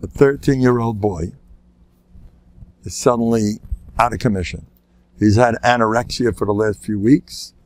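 A man's voice: fairly low pitch, moderate pace, long pauses. An older man, a rabbi, telling anecdotes in a lecture, laughing at his own jokes and acting out the voices of people in his stories. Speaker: rabbi giving a talk.

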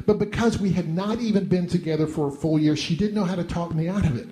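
A middle-aged man telling a self-deprecating comic monologue in an animated way. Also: a little high, fast, few pauses. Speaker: storyteller.

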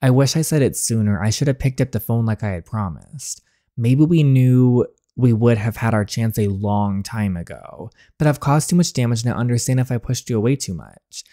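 A man reading the lines of a tearful young woman confessing her love, in a soft, earnest voice. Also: medium pitch, expressive, moderate pace, no echo, clean studio sound, lightly acted. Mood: tender. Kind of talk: reading game dialogue aloud.

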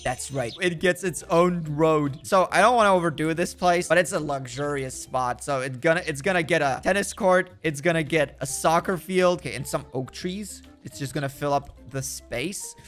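A man with a fairly high voice gives teasing let's play commentary, half scolding and half coddling the tiny citizens of the town he builds. He jokes in a dry, mock-sarcastic tone, and soft music plays faintly underneath. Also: normal speed, few pauses. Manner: playful, mock-sarcastic, talks to the little townspeople. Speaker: gaming YouTuber.

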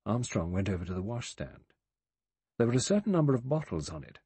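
A man narrating an audiobook in a measured, even reading. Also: fairly low pitch, breathy edge, dry recording. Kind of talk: scripted narration.

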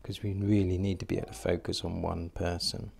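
A man's voice: low-pitched, flat delivery, a little fast, creaky, darkish tone, breathy edge. A man narrating a solo board game playthrough, thinking aloud and hesitating with fillers as he works out each move.

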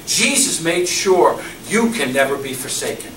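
A man preaching with passion, his voice sitting a little high for a man. He swings from loud emphatic lines to hushed repeated ones. The recording is roomy and distant, with clear background noise. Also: sing-song, unhurried, few pauses. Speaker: pastor. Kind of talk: sermon. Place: church hall. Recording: echoey room recorded from far off with background noise.

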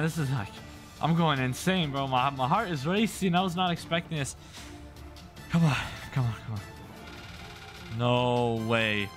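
A young man giving excitable gameplay commentary, full of exclamations and constant "bro". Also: a little high. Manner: hyped, says "bro" constantly, frequent exclamations. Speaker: gaming YouTuber. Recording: music playing underneath. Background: game sounds and music.

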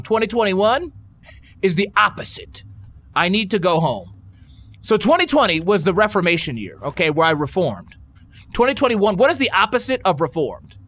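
High, lively man yelling through a horror game. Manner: profane, yelling and panicking, reading on-screen text aloud. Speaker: gaming YouTuber. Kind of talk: horror game let's play commentary.

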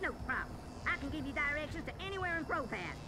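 A woman's voice: sits high, sing-song, fast talker, heavy background noise. A woman voicing a folksy cowboy crow guide robot in a game, full of cowboy slang.

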